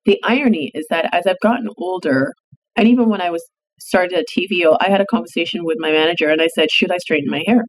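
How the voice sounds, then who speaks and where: A woman journalist from East Africa, a podcast guest, telling her story in a thoughtful, measured way, with pauses and fillers. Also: on the low side, a little hiss or hum, rough recording. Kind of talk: reflective interview storytelling.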